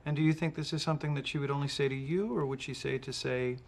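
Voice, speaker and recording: A man playing a therapist, speaking in a smooth, self-assured, oddly formal way. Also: mid-range voice, steady tone, fast talker. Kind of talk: sitcom acting.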